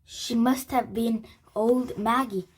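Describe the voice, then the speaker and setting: Gentle young girl, read by a woman. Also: a little high, fairly even intonation, slow, slightly rough. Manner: gentle, coaxing. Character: cheerful young girl adventurer.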